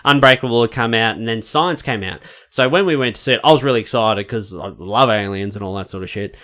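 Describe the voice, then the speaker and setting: A man co-hosting a podcast, telling stories in an animated way, acting out quotes and swearing freely. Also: fairly low pitch, quick pace. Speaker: podcast co-host. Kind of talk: casual chat, storytelling.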